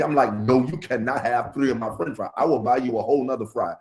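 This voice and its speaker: A middle-aged man telling stories in a casual podcast chat, his pitch jumping high on the punchlines. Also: fast, hardly any pauses. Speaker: podcast guest.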